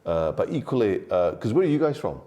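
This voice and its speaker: Low, mellow Glaswegian man. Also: big pitch swings, brisk. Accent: anglified Glaswegian. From Scotland. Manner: chatty storyteller, laughs often. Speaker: guest. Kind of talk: casual chat.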